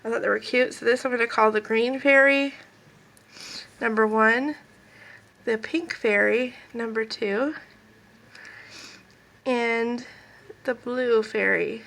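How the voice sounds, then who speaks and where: A stuffy, sniffly woman with a slightly high, bright and creaky voice does a casual pick-a-card tarot reading at home, with kids and a puppy nearby. She speaks slowly with fairly even intonation and long pauses, chatting and rambling straight to viewers over poor audio.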